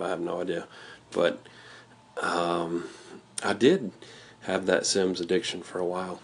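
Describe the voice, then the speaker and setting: A man's voice: low voice, gravelly. A man hosting a casual radio talk show, rambling with restarts and joking asides, from the US South.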